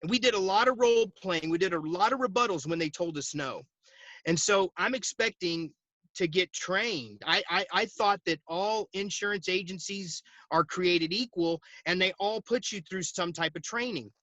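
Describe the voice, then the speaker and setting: A man in his forties with a high, bright voice, heard close and dry over a video call. He tells his story in an animated way, laughs often and acts out the other people's lines as he goes. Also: normal speed, dry recording. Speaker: guest, insurance agency owner. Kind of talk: storytelling interview. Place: at home.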